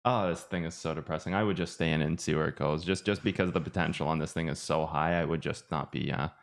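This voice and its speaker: This trading streamer from Ireland has a very deep voice and a steady tone, and he talks fast. He offers rambling, conversational live commentary on charts, teasing himself as he goes.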